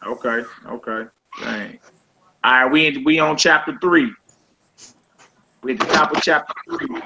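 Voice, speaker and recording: A man teaching a casual group Hebrew lesson over a voice call, quizzing his students in a relaxed, conversational way. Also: mid-range voice, measured pace, a little hiss or hum, poor audio.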